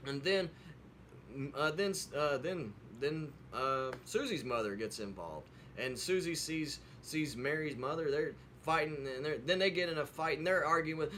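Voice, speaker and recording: A man's voice: fairly high pitch, expressive, moderate pace, a bit bright, slight background noise. A man telling a folksy story in a casual, rambling way with many fillers, then closing with an earnest preaching tone. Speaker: video host telling a devotional story. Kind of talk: casual storytelling with a sermon close.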